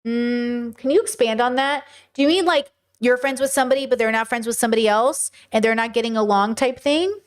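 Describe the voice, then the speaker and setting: A woman's voice: fairly high pitch, brisk, few pauses, clean tone. A woman hosting a livestream, answering viewers' chat questions in an earnest, emphatic way.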